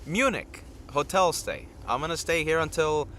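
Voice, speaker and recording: Tired male stream host, a little high and bright, rambling outdoors over faint traffic. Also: lively intonation, normal speed. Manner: rambling, chats directly with viewers. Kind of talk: casual live-stream chat.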